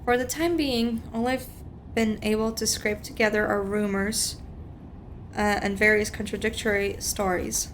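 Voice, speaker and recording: A woman's voice: mid-range voice, fairly even intonation, measured pace, a little hiss or hum. A woman streamer reading a story game aloud, with chatty, rambling asides.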